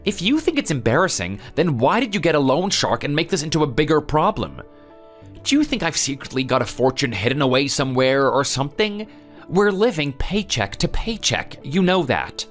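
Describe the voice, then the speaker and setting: A man's voice: fairly high pitch, sing-song, normal speed, a bit bright. A man playing a young husband who sounds defensive and whiny. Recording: faint background music.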